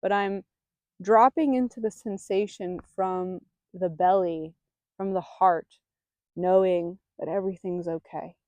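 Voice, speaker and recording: A woman who hosts a spiritual vlog, speaking outdoors in a calm, soothing way with bursts of mock panic. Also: fairly low pitch, a little slow, no room sound. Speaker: spiritual guide and channeler. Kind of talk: casual spiritual talk to camera.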